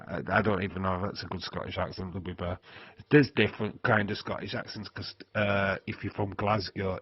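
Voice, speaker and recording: A middle-aged British man with a low, husky voice rambles and jokes through a casual live stream, swearing freely. He sounds close to a desk mic in a dry, slightly dull recording. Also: steady tone, a little fast, dry recording. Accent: British English. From Britain. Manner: chatty, rambling, swearing, jokey. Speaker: wrestling stream host.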